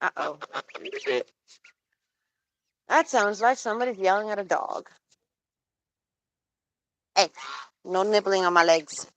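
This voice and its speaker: Slow, cooing woman baby-talking to geese. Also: medium pitch, fairly bright tone. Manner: cooing baby talk to birds. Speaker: pet goose keeper streaming live. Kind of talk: live-stream chat with pet geese. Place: outdoors with geese and other animals.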